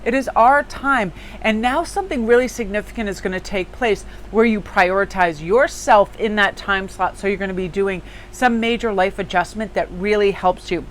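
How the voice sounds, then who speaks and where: A woman reads tarot cards in an easygoing, conversational way. Her voice sits at a middle pitch, and she talks emphatically, with plenty of filler words. There is a faint hiss of noise underneath. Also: normal speed, few pauses, poor audio. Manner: chatty and emphatic, lots of "like" fillers. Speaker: tarot reader and small business owner. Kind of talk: casual daily tarot reading.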